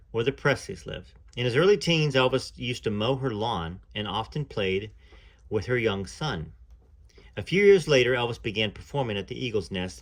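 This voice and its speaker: A man narrating a book aloud at a measured pace, telling the story in the first person. He sometimes breaks off to add his own comments between passages. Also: on the low side, fairly bright tone.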